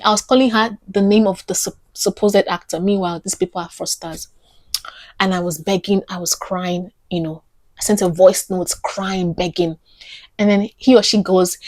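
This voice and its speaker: A woman's voice: mid-range voice, moderate pace, no room sound. A woman earnestly telling a personal story on her vlog, often repeating phrases for emphasis.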